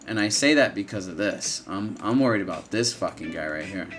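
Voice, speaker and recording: A man's voice: lowish voice, normal speed, hardly any pauses, fairly bright tone, soft background music. A man hosting a live trading stream, talking casually and bluntly, swearing often and repeating himself, tired and yawning from lack of sleep. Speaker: trading livestream host. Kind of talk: casual live market commentary.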